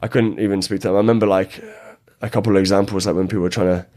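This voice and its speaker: Brief: British man, fast, rambling chat, lowish voice, lots of "like". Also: steady tone, darkish tone. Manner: rambling, many restarts and "like" fillers. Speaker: guest, jiu-jitsu coach. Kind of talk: casual podcast conversation.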